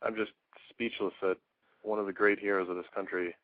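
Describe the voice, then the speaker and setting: A man calling in to a radio show, talking in a hesitant, halting way. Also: lowish voice, level tone, no echo, phone-quality sound. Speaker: caller. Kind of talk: call-in talk radio.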